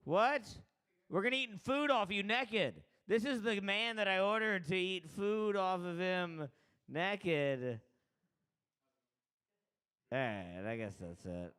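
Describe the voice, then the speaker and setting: A man's voice: high voice, animated, slow, pauses often, a bit bright, smooth. A man hosting a comedy open mic, joking loosely and chatting with the crowd between acts.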